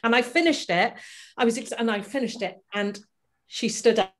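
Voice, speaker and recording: A middle-aged woman, a stage performer, telling lively anecdotes in a casual interview over a video call. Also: a little high, normal speed. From Wales. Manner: animated, laughing anecdotes with acted-out quotes. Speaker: guest performer.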